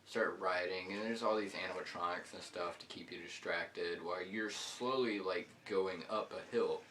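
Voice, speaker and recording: A man with a deep, low voice tells a rambling story while he plays. He talks casually and loosely, full of fillers, as he comments on the match. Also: moderate pace, a bit bright, a little hiss or hum. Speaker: gaming channel host.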